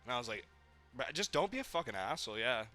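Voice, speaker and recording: A man's voice: medium pitch, sing-song, fast talker, sharp tone, soft background music. A young man from Maine, a podcast co-host, telling rambling party stories in casual chat, swearing a lot and acting out what people said. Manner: rambling storytelling, heavy swearing, acts out quotes.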